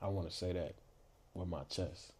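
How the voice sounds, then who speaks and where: A man's voice: deep voice, fairly even intonation, moderate pace, a little mellow, husky. A man in his twenties, a podcast guest, chatting casually in a laid-back, slangy, playfully boastful way. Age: 20s. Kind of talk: casual chat.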